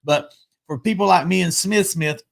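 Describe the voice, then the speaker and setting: A man's voice: high-pitched, moderate pace, creaky. A man hosting a casual talk show, chatty, often restarting and repeating his words. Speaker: podcast host. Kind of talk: casual chat.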